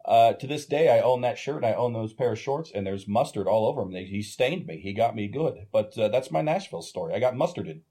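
Man telling a lively story, mellow voice. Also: fairly low pitch, fairly quick, few pauses, husky. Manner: animated, profane anecdote-telling. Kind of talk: casual storytelling chat.

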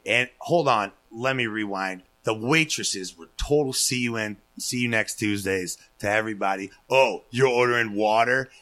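Profane, bright-voiced man telling a story. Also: lowish voice. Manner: profane, animated, acts out quotes. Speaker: guest storyteller. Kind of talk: casual podcast storytelling.

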